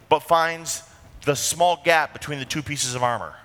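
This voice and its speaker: Brief: male pastor, bright and forceful tone, conversational sermon full of rhetorical questions, long reverb in the church. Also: on the high side, normal speed. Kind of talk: expository sermon.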